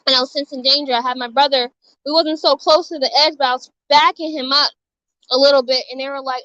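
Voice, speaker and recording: Woman vlogger, high voice, earnest rambling storyteller, dull dry phone audio. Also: fairly even intonation, quick pace, pushed and bright, dry recording. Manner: rambling, earnest, many fillers and restarts. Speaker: vlogger sharing a testimony. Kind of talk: casual storytelling to viewers. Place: outdoors in her childhood neighborhood. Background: music.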